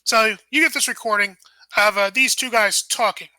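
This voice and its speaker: A woman narrating as game master of a tabletop game, thinking aloud with a halting manner. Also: a little high, pushed and bright, dry recording.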